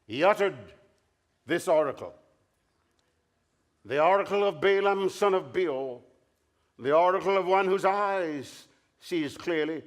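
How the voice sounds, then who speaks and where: A man's voice: sits high, expressive, measured pace, long pauses. A man preaching a Bible study at a camp meeting, telling stories and acting out the dialogue in them. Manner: storytelling, acts out dialogue in different voices. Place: large meeting hall or tent.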